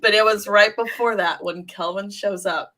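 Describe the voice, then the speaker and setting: A woman's voice: mid-range voice, fairly even intonation, normal speed, pushed and bright. A woman co-hosting a casual TV review chat, retelling favorite scenes and laughing often. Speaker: podcast co-host.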